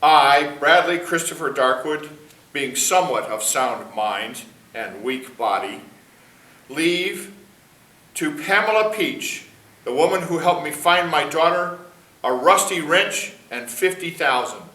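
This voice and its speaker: A man plays a snide, smug lawyer who announces guests and reads out a will in a formal tone. His voice is bright and clear, picked up from a distance in an echoey room. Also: fairly high pitch, expressive, slow pace, exaggerated voice. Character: smug, sharp-tongued lawyer and host of the manor.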